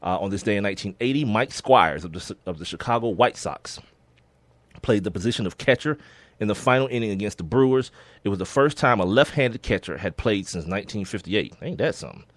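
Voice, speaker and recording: A man co-hosting a sports podcast, talking in a relaxed, casual way and often laughing as he reads out sports history. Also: on the low side, a little fast, no echo. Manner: laid-back, laughs often, reads listings with slips. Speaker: podcast co-host.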